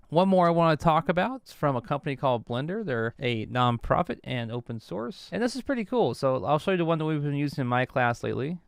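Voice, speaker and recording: A man teaching as a guest professor, walking through a software tool in a relaxed, explanatory way. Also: mid-range voice, vocal fry, clear, resonant tone, no echo, studio quality. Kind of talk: tutorial walkthrough.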